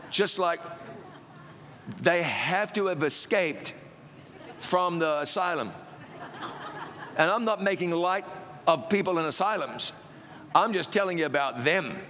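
A man preaching, telling his own testimony as a lively, self-mocking story. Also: a little high, a little slow, long pauses, in a large hall, a little hiss or hum.

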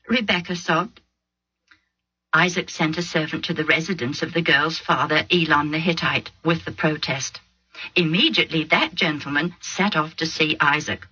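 A woman narrates a storybook tale, her voice bright and a little husky. The recording is slightly dull, and faint music plays underneath. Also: normal speed. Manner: dramatic reading, shifting pitch for each character.

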